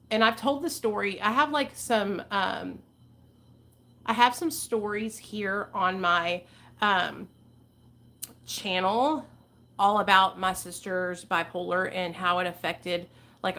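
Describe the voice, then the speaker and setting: With a medium-pitched, slightly bright voice, this channel host in her forties rambles candidly through a casual livestream chat and swears freely.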